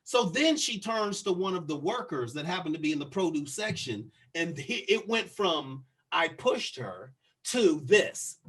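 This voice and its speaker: A young man co-hosting a casual podcast, an animated storyteller who acts out the people he quotes. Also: high voice, moderate pace, few pauses, husky. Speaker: podcast co-host.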